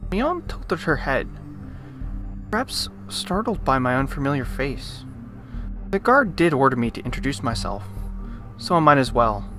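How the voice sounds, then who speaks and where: A man hosting a let's play, reading a visual novel's narration aloud and breaking off into animated, joking rants. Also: mid-range voice, a little slow, pauses often, faint music behind. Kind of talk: reading game text aloud with commentary.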